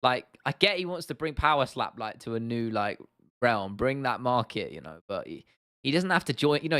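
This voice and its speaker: Blunt, swearing livestream host. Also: male voice, mid-range voice, fairly bright tone, dry recording, studio quality. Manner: blunt, opinionated, swears freely, restarts often. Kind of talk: casual livestream chat answering viewers.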